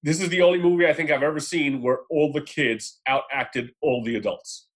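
A man's voice: on the high side, steady tone, a little fast. Opinionated man chatting about films. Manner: rambling, opinionated, casual with fillers. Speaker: podcast panelist. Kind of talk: casual film discussion.

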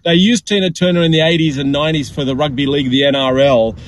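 A man's voice: a little high, fairly even intonation, quick pace, no echo, poor audio. A man with an Australian accent, talking enthusiastically in a casual podcast chat and often repeating words.

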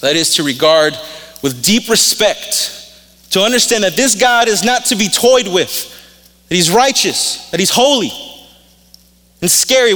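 A man's voice: sits high, bright, forceful tone. A male pastor preaching a sermon in a casual, storytelling way, openly emotional. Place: church sanctuary. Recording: reverberant hall.

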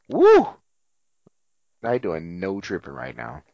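A man tells a TV episode's story in casual podcast chat, acting out the characters' lines. His pitch swings widely as he talks. The sound is dry and a bit dull and lo-fi. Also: slow, long pauses, no echo. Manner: animated storytelling, acting out quotes, swearing. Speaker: podcast co-host.

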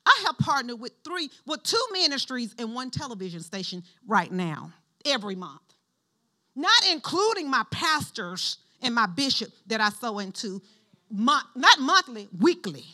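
A middle-aged woman pastor giving a sermon in an animated, conversational style, calling on the congregation to respond. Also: on the high side, moderate pace.

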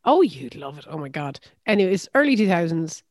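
A woman with an Irish accent chatting casually on a podcast, telling stories in an animated way. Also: sits low, fairly quick, no room sound, clean studio sound. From Ireland. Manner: chatty, animated storyteller with frequent laughs. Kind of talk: casual chat.

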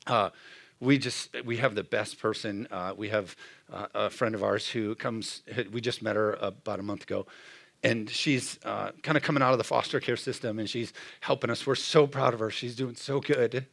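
A man's voice: on the low side, steady tone, normal speed, gravelly, fairly bright tone. A middle-aged man preaching a sermon in a conversational style, often asking the room "Amen?". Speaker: pastor.

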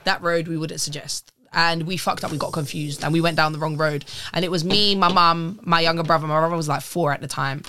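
A young woman telling travel stories as a podcast guest, casual and animated, swearing and acting out quotes. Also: sits low, a little fast, few pauses. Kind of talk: casual storytelling.

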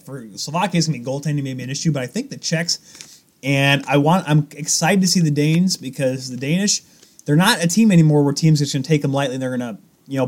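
A man co-hosting a podcast, rambling in casual chat with restarts and self-corrections. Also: medium pitch. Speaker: podcast co-host.

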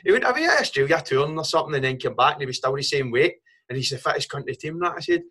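A man's voice: a little high, expressive, very fast, pushed and bright, breathy edge. A Scottish man hosting a podcast, chatting casually and backing his guest with frequent short agreements. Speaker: podcast host. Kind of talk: casual interview chat.

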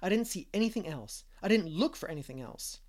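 An imaginative young girl, talkative and romantic, voiced by a male audiobook reader. His voice stays near its usual tone but rises in excited turns. It is an earnest storybook read. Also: high voice, brisk, pitched above the performer's own voice. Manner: earnest, fanciful.

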